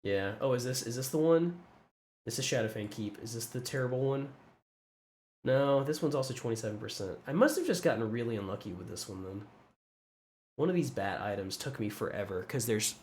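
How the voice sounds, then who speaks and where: Casual male streamer, mid-pitched, meandering and musing while cataloguing items, faint hum in the background. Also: animated, a little fast, a little mellow. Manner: rambling, thinking aloud with restarts. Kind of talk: casual gameplay commentary.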